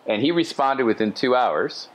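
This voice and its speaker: A middle-aged man telling anecdotes as a podcast guest, casual and animated with chatty asides. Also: medium pitch, moderate pace. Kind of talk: casual storytelling.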